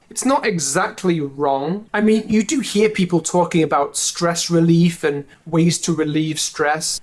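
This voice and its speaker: Dry-humored English teacher explaining phrases. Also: medium pitch. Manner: dry, joking asides. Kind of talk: explaining a language lesson to camera.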